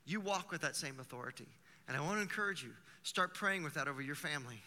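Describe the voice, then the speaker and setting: Animated bright-voiced preacher, man, churchy reverb. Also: fairly high pitch, quick pace. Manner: animated, conversational preaching with vivid examples. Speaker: pastor. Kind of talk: sermon.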